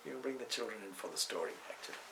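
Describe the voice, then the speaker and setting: A man's voice: on the low side, expressive, rapid-fire, vocal fry, background noise. A man, a swami, giving a spiritual talk indoors in a discursive way, weaving in stories and side remarks. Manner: discursive, with asides and restarts.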